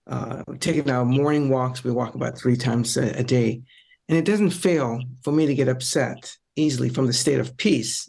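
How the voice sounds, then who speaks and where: A man's voice: mid-range voice, vocal fry, a little mellow. A middle-aged man, a psychologist on a discussion panel, explaining in a reflective, conversational way with frequent ums and repeated phrases.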